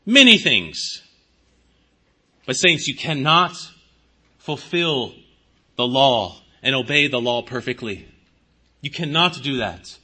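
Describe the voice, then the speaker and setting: A pastor delivering a sermon in a high, piercingly bright voice with a husky edge. He preaches with emphatic swings of pitch and loudness, slipping into the voices of the people he describes. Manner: preaching with dramatic shifts in pitch and volume, voicing imagined speakers.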